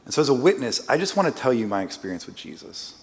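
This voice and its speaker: A man's voice: medium pitch, big pitch swings, quick pace. A man preaching as a guest speaker in a church, telling a personal story in a casual, self-deprecating way with joking asides. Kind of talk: conversational sermon storytelling. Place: church sanctuary. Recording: long church-hall reverb.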